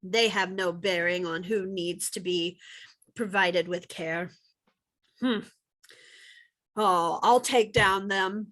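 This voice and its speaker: A woman's voice: on the low side, slow pace, pauses often, fairly bright tone. A woman voicing a dramatic female plague healer who speaks theatrically and calls people darling. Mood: theatrical vengeful. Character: dramatic female plague healer, vengeful toward royal court.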